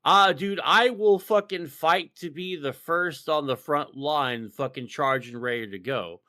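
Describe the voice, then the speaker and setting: A man's voice: on the high side, a little slow, pushed and bright, dry recording, studio quality. A man from Texas co-hosting a casual podcast, profane and rambling, with lots of fillers and restarts. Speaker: podcast co-host.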